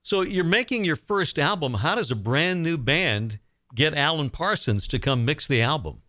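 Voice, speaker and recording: A man's voice: a little high, lively intonation, normal speed, sharp tone, no echo, clean studio sound. A man hosting a radio interview, asking friendly questions of a guest. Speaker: radio host.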